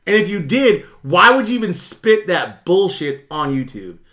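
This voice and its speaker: Brief: middle-aged man, high bright voice, blunt profane livestream host. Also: very animated, normal speed. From United States. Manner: blunt, profane, reads and answers chat. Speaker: YouTube currency commentator. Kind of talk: casual livestream rant.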